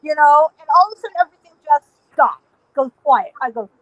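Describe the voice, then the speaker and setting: A middle-aged woman tells a story as a guest on a podcast. Her voice is high and bright. She is animated and laughs often, acting out the voices in her tale, and the sound is dry and close. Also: moderate pace, no echo, poor audio.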